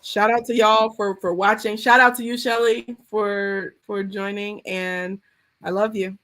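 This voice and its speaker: Animated slangy woman pastor on a livestream. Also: mid-range voice, measured pace. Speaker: art therapy pastor hosting a livestream. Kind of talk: casual livestream chat and prayer.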